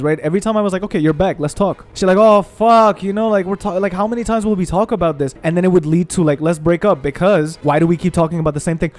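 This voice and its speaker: A young man hosting a gaming channel, ranting in a heated, profane, animated way while he plays. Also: on the high side. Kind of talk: ranting commentary over gameplay.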